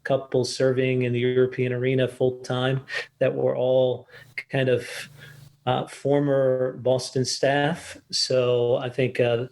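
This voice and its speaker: An older American man, a missionary guest, telling his story in an interview with frequent pauses and fillers. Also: medium pitch, monotone, darkish tone. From United States. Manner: halting, many fillers and restarts.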